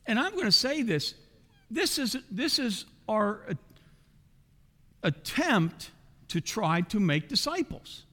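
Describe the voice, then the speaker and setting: A man's voice: high voice, sing-song, slow, long pauses, a bit bright. A middle-aged man preaching a sermon as a pastor, asking the congregation rhetorical questions. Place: church sanctuary. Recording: long hall reverb.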